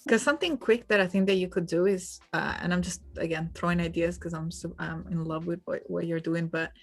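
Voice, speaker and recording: A woman's voice: lowish voice, steady tone, fairly quick, soft background music. A young woman with an Italian accent that has hints of British and American, chatting casually as a livestream host, laughing often and restarting her sentences. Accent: Italian, with some British and American sounds. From Italy.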